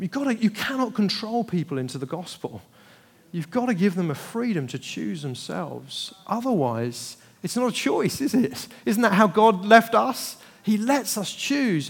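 A man preaching as a pastor, animated and acting out family dialogue with laughter. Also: on the high side. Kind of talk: sermon. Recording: long hall reverb.

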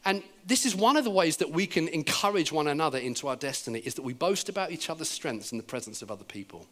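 A man with an English accent preaching a sermon in a church, telling stories in an animated way and acting out the words of the people in them. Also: fairly high pitch, fast. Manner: animated storytelling, acting out quoted speech. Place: church service.

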